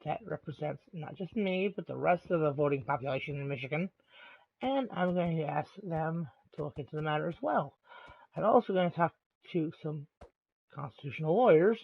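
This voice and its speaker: A man streaming live, delivering an angry rant in a deliberately calm, measured voice with halting pauses. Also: fairly high pitch, gravelly, breathy edge. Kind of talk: ranting monologue on a live stream. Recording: tinny, phone-like lo-fi sound.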